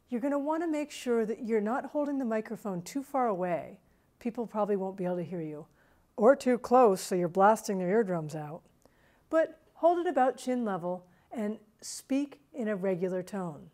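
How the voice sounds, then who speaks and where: Woman teaching speaking skills, lively delivery. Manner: demonstrates tips with varied pitch and pace. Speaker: writing center instructor. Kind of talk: instructional video on vocal delivery.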